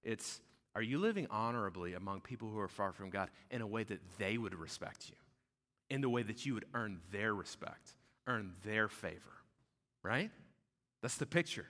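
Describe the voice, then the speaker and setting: Male pastor, fairly low voice, emphatic conversational sermon, long hall reverb. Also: normal speed, a bit bright.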